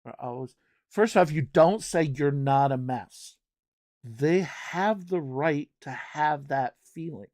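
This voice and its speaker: A man's voice: mid-range voice, slow pace, darkish tone, dry recording, studio quality. A man streaming a game live, commenting casually and wryly while thinking aloud and swearing now and then.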